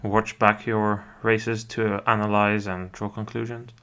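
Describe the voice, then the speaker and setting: A man's voice: lowish voice, flat delivery, a little slow, bright, forceful tone. A man hosting a podcast interview, laying out several examples before asking his question. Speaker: podcast host.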